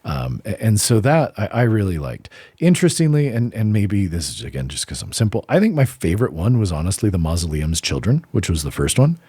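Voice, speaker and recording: A man's voice: lowish voice, very animated, fairly quick, hardly any pauses, mellow, husky, no echo, clean studio sound. A young man co-hosting a casual book-discussion podcast, rambling and restarting as he tells a story. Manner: rambling, self-interrupting storyteller. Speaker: podcast co-host.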